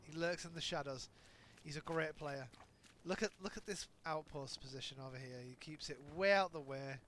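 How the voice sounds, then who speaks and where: A man giving live play-by-play commentary on an online shooter match, excitable and often correcting himself mid-sentence. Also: a little high, normal speed. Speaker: game commentator. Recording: noisy with gunfire in background. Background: game gunfire and ambience.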